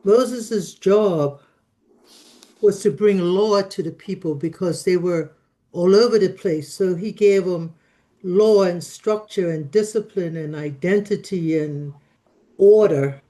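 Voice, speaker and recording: A woman's voice: on the low side, takes it slowly, warm tone, poor audio. A woman in a religious study group, earnestly explaining her reasoning step by step in a casual discussion.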